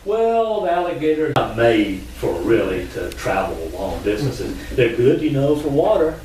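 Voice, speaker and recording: A man's voice: mid-range voice, a little slow. Chatty male storyteller in an echoey hall. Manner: chatty, animated, asides to the audience. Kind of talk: live folk storytelling to an audience. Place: meeting hall. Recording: echoey room from far off, faint noise.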